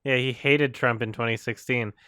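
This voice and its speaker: A man's voice: mid-range voice, fairly even intonation, moderate pace, bright, forceful tone, smooth, no room sound, clean studio sound. A man from Canada hosting a stream, ranting casually with lots of swearing, restarts and disbelief. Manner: profane, incredulous, stammering restarts. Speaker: streamer host.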